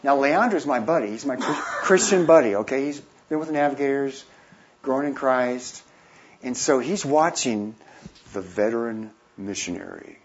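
A man in his fifties with a husky voice tells a long personal story with lively energy. He slips into the voices of the people he quotes. The recording is dull and lo-fi. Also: medium pitch, moderate pace. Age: 50s. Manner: animated anecdote-telling, acting out quoted voices. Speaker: missionary. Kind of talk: storytelling talk.

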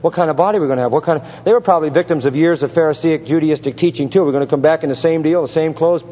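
A man preaching an expository sermon, emphatic and building to forceful peaks with rhetorical questions. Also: a little high, rapid-fire. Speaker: pastor. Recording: dull lo-fi sound with long hall reverb.

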